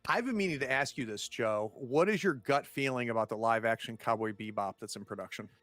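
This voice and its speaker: A man's voice: mid-range voice, brisk, fairly bright tone, no room sound. A man hosting and running the game, wrapping up the show in an upbeat, chatty way. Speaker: game master and host. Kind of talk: casual show outro with plugs.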